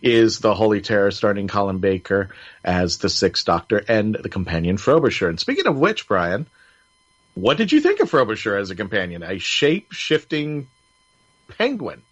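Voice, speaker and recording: A man's voice: lowish voice, very animated, brisk, fairly bright tone. A man hosting a casual review show, rambling with many restarts and fillers. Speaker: podcast host. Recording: slightly dull lo-fi audio.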